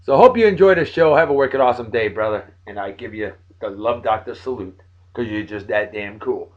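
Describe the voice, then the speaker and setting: A man in his forties, worn out but friendly, runs through shout-outs to his friends in a casual, joking way. He jumps from loud outbursts to low mumbles. The audio is a bit dull and lo-fi. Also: expressive, a little fast. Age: 40s. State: tired. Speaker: video blog host.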